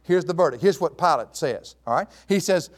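A man giving a verse-by-verse Bible teaching, emphatic and animated, with chuckling asides. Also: a little high, brisk.

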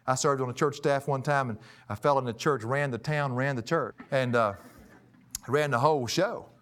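A man's voice: mid-range voice, moderate pace, a bit bright. A man preaching an expository sermon, emphatic and folksy, his voice rising and falling for emphasis. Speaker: pastor.

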